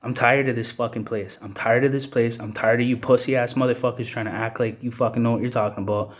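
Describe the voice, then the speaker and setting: A man's voice: mid-range voice, steady tone, quick pace. An agitated man giving a heated, profane rant, with the filler "you know what I mean" coming up again and again. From Canada. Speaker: vlogger. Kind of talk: angry rant to camera.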